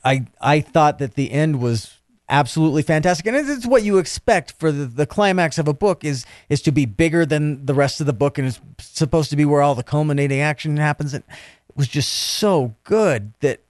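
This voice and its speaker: A man co-hosting a casual book discussion podcast, talking in halting bursts with frequent restarts. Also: on the high side, expressive, darkish tone, dry recording, clean studio sound. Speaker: podcast co-host.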